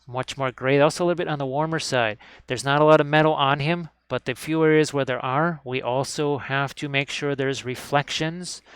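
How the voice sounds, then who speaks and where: Working at an indoor hobby desk, a man paints miniatures on a live stream and talks cheerfully and casually throughout, frequently saying "look at this." The recording has no room sound, and his mid-range voice is smooth.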